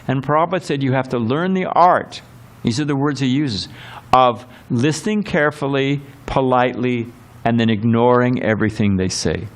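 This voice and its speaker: A man's voice: medium pitch, normal speed. A man giving a temple scripture class in a rambling, conversational way, full of asides and acted quotes. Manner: rambling and conversational, many fillers and quoted voices. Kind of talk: temple sermon lecture. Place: temple hall.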